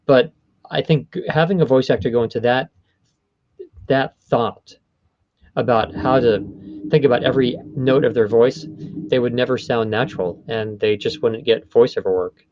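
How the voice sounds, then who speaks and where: A man's voice: medium pitch, normal speed, dull audio, slight background noise. A man who runs a voice studio, explaining his field in a conversational interview, often stopping to rephrase. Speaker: voice studio owner.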